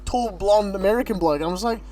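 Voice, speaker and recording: A man, co-hosting a podcast in a relaxed, joking way. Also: high voice, fast. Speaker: podcast co-host. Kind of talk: casual chat.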